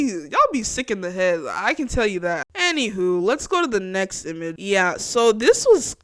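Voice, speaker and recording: A young woman hosts her own casual chat show, reacting to clips in an animated, slangy way. She laughs often and talks to her viewers directly. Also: a little high, no echo, studio quality. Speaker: podcast host.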